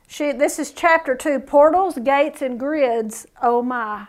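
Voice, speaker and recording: A woman's voice: high voice, takes it slowly, a little mellow. A woman leading a Bible study, reading scripture aloud and adding folksy, chatty remarks between passages. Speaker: Bible teacher.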